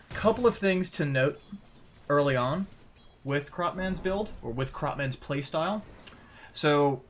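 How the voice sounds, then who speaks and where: Man, game guide host, offhand rambling commentary, self-deprecating asides, mid-pitched voice. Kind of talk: casual gameplay commentary.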